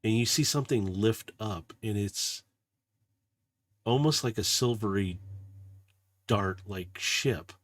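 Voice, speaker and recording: A man running a tabletop game as game master, narrating softly and losing his voice. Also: fairly low pitch, slow, long pauses, no echo.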